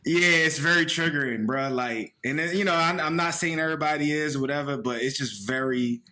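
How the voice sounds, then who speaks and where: A man's voice: on the high side, a little fast, sharp tone. A young man from the Philadelphia area co-hosting a casual podcast, talking bluntly and ramblingly and swearing freely. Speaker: podcast co-host. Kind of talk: casual chat.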